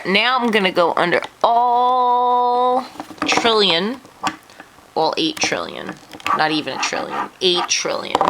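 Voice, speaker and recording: This craft tutorial host speaks on the low side with vocal fry against a noisy background. Sniffling, she explains each step chattily and self-deprecatingly while describing what her hands are doing.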